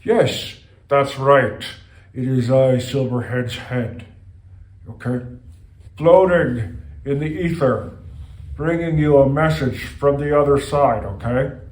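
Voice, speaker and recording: A man voicing a portentous floating head that delivers messages from the other side, slow and solemn, with a constant "okay?" in a roomy, echoey space. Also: mid-range voice, darkish tone, natural voice. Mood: grand. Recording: roomy echo.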